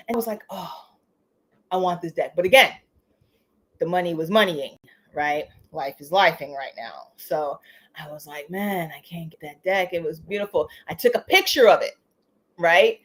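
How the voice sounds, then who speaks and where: A woman hosting a casual live stream, talking in an animated, chatty way, laughing often and tagging lines with "you know" and "okay?". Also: mid-range voice. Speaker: livestream host. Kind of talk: casual livestream chat.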